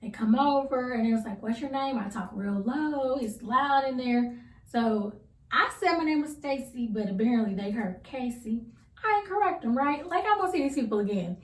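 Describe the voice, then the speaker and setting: A woman in her thirties chatting casually to camera, telling a rambling story with relaxed slang. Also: a little high, moderate pace. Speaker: vlogger. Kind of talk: casual get-to-know-me chat. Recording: roomy sound from a distance.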